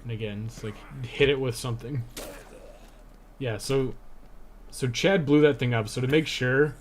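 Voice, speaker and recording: A man's voice: mid-range voice, steady tone, moderate pace, a little hiss or hum. A young man giving casual live-stream commentary over his speedrun at home, thinking aloud with lots of fillers. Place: home room.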